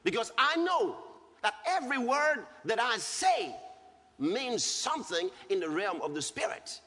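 A man's voice: very high-pitched, very animated, unhurried, sharp tone. A man preaching a sermon, emphatic, repeating his points for stress. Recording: hall reverb with faint music.

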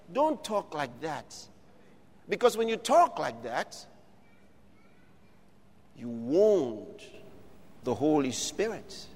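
A man's voice: fairly high pitch, very animated, slow, long pauses, a little mellow. A man preaching a sermon, emphatic and exhorting his listeners with repeated questions. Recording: long reverb of a large hall.

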